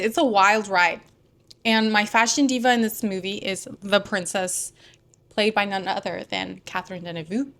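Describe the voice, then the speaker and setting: Casting: young woman film vlogger, unhurried, chatty, rambling asides. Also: mid-range voice. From Houston, Texas. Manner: chatty, digressive, lots of "like" and asides. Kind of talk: casual chat about films.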